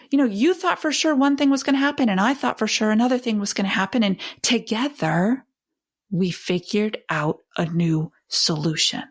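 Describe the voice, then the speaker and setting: A woman parenting educator hosting a talk, speaking expressively and acting out warm back-and-forth with a child as she teaches. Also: mid-range voice, husky. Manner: expressive, emphatic, acts out dialogue with a child.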